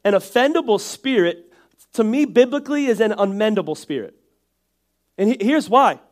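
A man's voice: sits high, lively intonation, normal speed. A man with a nasal voice and a Northeastern American accent, preaching a sermon in a casual, joking way. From Northeastern United States. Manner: conversational and joking, with frequent restarts and asides. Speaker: pastor.

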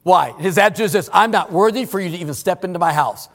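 A male pastor preaching a sermon in a church, emphatic, swinging between loud exclamations and hushed asides. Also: high-pitched, fast talker, big-room sound. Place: church sanctuary.

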